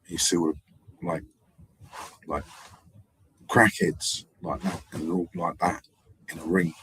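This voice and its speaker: A man's voice: low-pitched, fairly even intonation, slow, a bit bright, slight background noise, low-quality recording. A man hosting a live stream, talking in a rambling, digressive way with hesitations and repeats. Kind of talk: rambling casual monologue.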